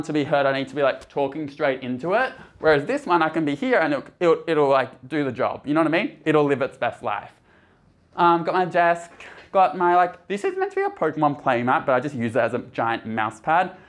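A chatty, bubbly young man giving a casual tour of his small apartment, recorded on a handheld camera. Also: fairly high pitch. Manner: chatty and bubbly, lots of fillers. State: a bit out of breath. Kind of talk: casual vlog chat.

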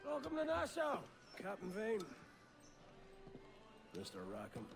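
An actor voicing an imposing, sly pirate chief in a video game cutscene, speaking in a measured, wry way. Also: male voice, sits high, wildly swooping pitch, gravelly, full character voice. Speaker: game character. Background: music score.

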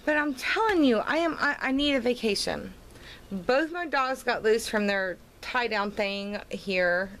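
A woman's voice: fairly high pitch, expressive, a little slow, fairly bright tone, a little hiss or hum, low-quality recording. A woman vlogging at home and in her yard, tipsy and slightly slurred from wine, rambling and venting her frustration. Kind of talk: casual vlog monologue.

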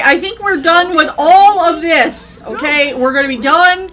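A young woman giving casual, profane commentary while playing a life-sim game, yelling at the characters and rambling. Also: extremely high pitch, a little slow, hardly any pauses, soft background music. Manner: rambling, self-interrupting.

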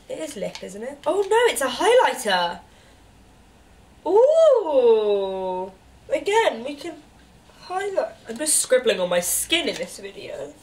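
A young woman with a stuffy cold, chatting brightly as she unboxes beauty gifts, cooing and gasping at each item. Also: high voice. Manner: bubbly, chatty, gasps and coos at each item. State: congested with a cold. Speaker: beauty vlogger. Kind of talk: casual unboxing chat.

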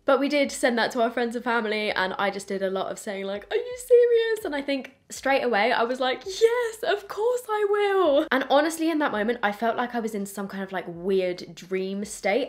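A woman in her twenties, a beauty vlogger, telling a story in a chatty, animated way while doing her makeup. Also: fairly high pitch.

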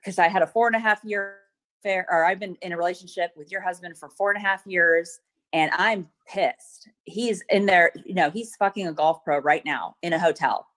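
A middle-aged woman with a fairly low voice gives courtroom testimony over a video call. She recounts what happened hesitantly, with frequent ums and pauses. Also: a bit bright. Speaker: witness testifying at a protective order hearing. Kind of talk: courtroom testimony, retelling events.

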